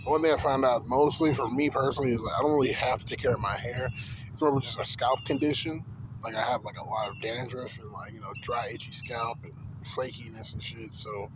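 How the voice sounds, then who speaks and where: A man talks straight into his phone camera in a casual, profane rant, piling up filler words as he rambles through a story. His voice sits at a middling pitch. Loud vehicle noise runs behind him the whole time. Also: steady tone, brisk. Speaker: vlogger.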